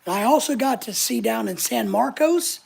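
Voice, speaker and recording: A woman's voice: on the high side, lively intonation, moderate pace, creaky, darkish tone, breathy edge. An older woman hosting a casual live chat, talking in a blunt, opinionated, chatty way. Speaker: channel host answering live chat.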